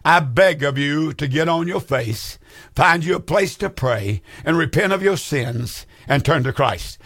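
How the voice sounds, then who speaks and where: A man's voice: fairly high pitch, a bit bright. A man preaching on a broadcast, earnest and pleading, with many fillers. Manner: earnest, pleading, repeats phone numbers with fillers. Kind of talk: broadcast sermon appeal.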